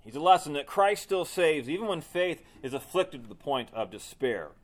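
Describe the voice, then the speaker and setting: A man preaching a sermon to his congregation as pastor, building to emphatic peaks and dropping to quiet, soft lines. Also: on the high side, animated, normal speed.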